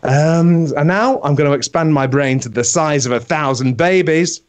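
A man's voice: on the high side, moderate pace, slight background noise, natural voice. A man playing Chloe, a crude, boastful baby with an inverted face, in a rambling comic monologue full of swearing. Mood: deadpan. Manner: swearing, rambling, giggling mid-line.

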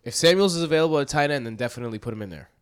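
A young man on a podcast mic, his voice stuffed up and congested from a sudden cold. He talks in a casual, blunt way and makes quick, decisive calls without second-guessing. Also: medium pitch, lively intonation, clean tone. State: congested and sniffling. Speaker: podcast co-host. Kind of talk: casual sports chat. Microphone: studio mic.

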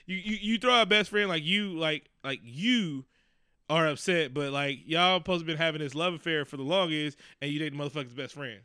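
Bright-voiced profane ranting man. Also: fairly high pitch, fairly quick, clear, resonant tone, no room sound, clean studio sound. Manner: profane, animated, rants with mock quotes. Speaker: podcast co-host. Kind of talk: casual movie chat.

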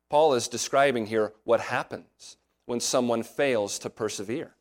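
A man's voice: mid-range voice, measured pace. A man preaching an expository sermon as pastor, earnest and explanatory, often asking his listeners rhetorical questions.

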